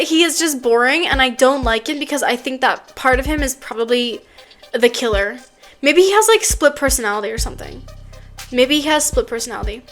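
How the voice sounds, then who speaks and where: Giggly high-voiced young woman streamer. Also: lively intonation, a little fast, a bit bright, faint music behind. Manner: giggly, chatty, reading chat aloud. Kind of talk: casual chat.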